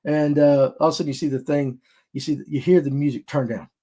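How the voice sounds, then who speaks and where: Male podcast host, lively yarn-spinner, voice a touch high. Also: fast, slightly rough. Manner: animated storyteller who acts out other people's lines. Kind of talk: casual storytelling podcast.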